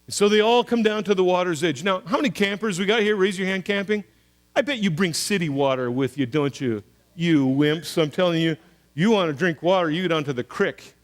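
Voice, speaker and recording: A man, preaching a sermon as pastor, telling stories and acting out voices with big swings in pitch and loudness. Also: brisk. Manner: storytelling, acts out voices of soldiers and God, animated swings in pitch and loudness.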